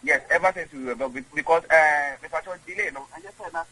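Rambling husky Ghanaian man. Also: fairly high pitch, fast, bright, forceful tone, rough recording. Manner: rambling, emphatic, repeats himself. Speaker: guest. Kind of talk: casual interview chat.

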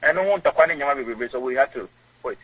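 A man's voice: mid-range voice, animated, fast, a bit bright, husky, no echo, low-quality recording. A Ghanaian man being interviewed, rambling and emphatic, often repeating himself. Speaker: guest. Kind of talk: casual interview chat.

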